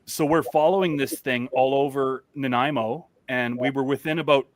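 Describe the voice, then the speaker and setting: A man's voice: mid-range voice, steady tone, normal speed, no echo. A man from British Columbia, calling in to a casual chat, swearing constantly and telling loose stories. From British Columbia, Canada. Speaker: guest calling in.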